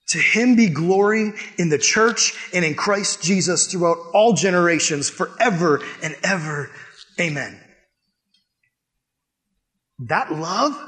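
Guy preaching to a youth group, high pitched, earnest, gets loud then goes real quiet. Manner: earnest, swinging from loud emphatic peaks to hushed low lines. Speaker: youth pastor. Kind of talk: sermon.

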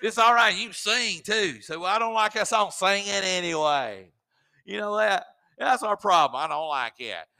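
Fervent high-voiced male preacher. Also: normal speed, creaky, pushed and bright. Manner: fervent, exhorting preaching with folksy asides. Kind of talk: sermon.

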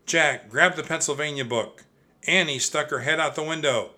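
A man reading a children's book aloud, expressive and speaking straight to young listeners. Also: mid-range voice, normal speed. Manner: expressive, addresses kids directly. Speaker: storyteller.

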